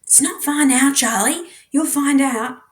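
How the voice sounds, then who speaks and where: A woman voicing a secretive, tense teenage boy who speaks in clipped, quiet bursts. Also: sits high, measured pace, roomy sound, pitched above the performer's own voice.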